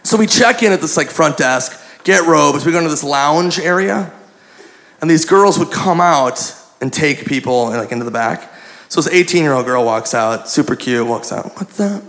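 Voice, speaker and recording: A man doing stand-up, telling a story in an animated, profane, self-mocking way. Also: fairly high pitch, normal speed, creaky. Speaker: stand-up comedian. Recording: live club with audience laughter.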